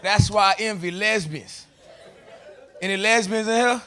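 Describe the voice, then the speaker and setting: A man doing a stand-up set on stage, telling stories loudly and animatedly and shouting out other people's lines. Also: sits high, a little slow, pauses often. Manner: loud, animated storytelling that jumps into shouted voices. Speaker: stand-up comedian. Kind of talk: stand-up set before a live audience. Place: comedy stage with a laughing crowd. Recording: live stage clip with loud crowd noise.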